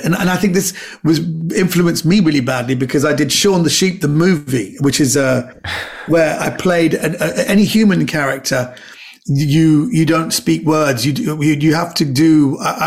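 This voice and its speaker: A man guesting on a podcast, telling animated anecdotes in casual chat and acting out the voices of the people in his stories. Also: a little high. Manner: animated storyteller, acts out quoted voices.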